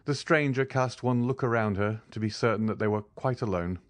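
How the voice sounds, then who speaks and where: A man narrating a classic novel in a measured audiobook reading. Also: medium pitch, no room sound. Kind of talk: scripted narration.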